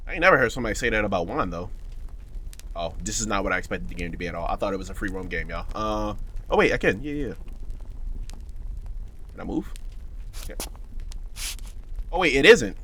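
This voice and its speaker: A man's voice: lowish voice, animated, a little fast, long pauses, a bit bright, a little hiss or hum. A man casually commentating a horror game for his channel, rambling and joking with his viewers. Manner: rambling, joking, talks to viewers as "bro" and "y'all". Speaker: gaming YouTuber. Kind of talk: casual let's-play commentary.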